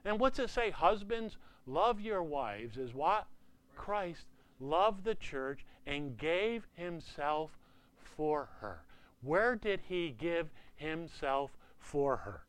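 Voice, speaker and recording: A man in his sixties, a pastor, preaching in a conversational way, peppering his talk with "you know" and dropping to a hushed voice for emphasis. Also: on the high side, very animated, slow. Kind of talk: sermon.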